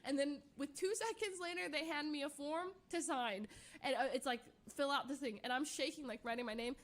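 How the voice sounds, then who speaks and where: High-pitched streamer girl telling a story all worked up, lots of "like"s. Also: fairly quick. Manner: emotional, animated retelling full of fillers.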